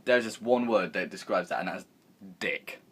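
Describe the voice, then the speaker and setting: A man's voice: on the low side, normal speed, husky. Young guy rambling through a story. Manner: rambling, animated, swears freely, acts out quotes. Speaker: vlogger. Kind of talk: casual storytelling.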